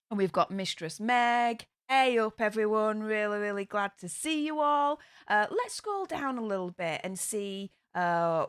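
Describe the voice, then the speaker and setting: A woman's voice: mid-range voice, smooth, no echo. Woman rambling on a home livestream, friendly and chatty, dry close sound. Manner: chatty and upbeat, many fillers. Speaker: livestream host. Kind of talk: casual livestream chat. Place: home studio room in a new house.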